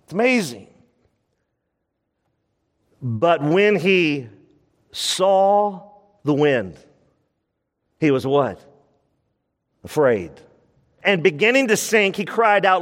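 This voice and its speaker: Man preaching, fairly high voice, expressive and emphatic, slows for key words, long hall reverb. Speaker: pastor. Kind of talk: sermon.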